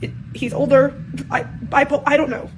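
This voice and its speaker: 20 y/o woman venting into the camera, high voice, rambly, keeps tripping over herself, nervous little laughs. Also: flat delivery, normal speed, a little hiss or hum. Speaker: daughter speaking out in a personal video. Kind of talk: emotional unscripted monologue.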